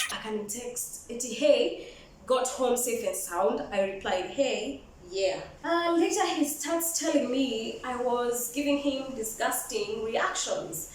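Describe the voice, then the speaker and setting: A young woman with a Kenyan accent tells a storytime vlog in a lively, sassy way. Her voice sits high, and she sounds a little away from the mic in a very echoey room with faint ambience behind her. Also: far from the mic. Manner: animated, code-switching, sassy. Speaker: vlogger.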